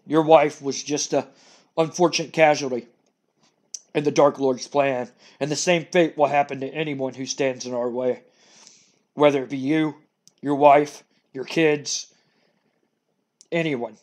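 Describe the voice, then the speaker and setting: A man voicing a sinister wrestler villain who speaks for a dark lord, talking slowly and ominously. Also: fairly even intonation, natural voice. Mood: menacing. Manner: slow, booming, ominous delivery.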